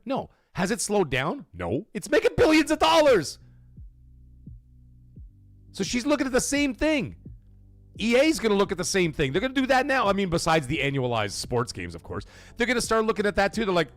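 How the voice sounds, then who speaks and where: A fired-up male host riffs on a live gaming stream, swearing freely and calling out chatters by name. His voice sits on the higher side and swings widely in pitch as he gets going, with faint music underneath. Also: very animated, fairly quick, no echo. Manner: ranting, profane, greets chat by name.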